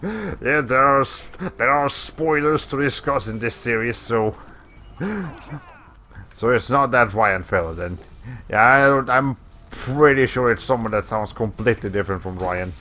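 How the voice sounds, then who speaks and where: A male game streamer talking casually over his play, rambling and often breaking into laughter. His voice is bright and forceful at an ordinary middle pitch. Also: unhurried, a little hiss or hum. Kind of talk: casual gameplay commentary.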